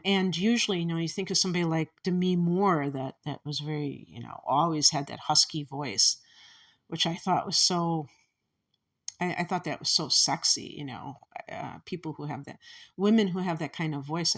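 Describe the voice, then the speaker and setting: A woman from the Chicago area with a Chicago accent, giving a casual astrology commentary in a meandering, musing way that often restarts thoughts. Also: low voice. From Chicago area, USA.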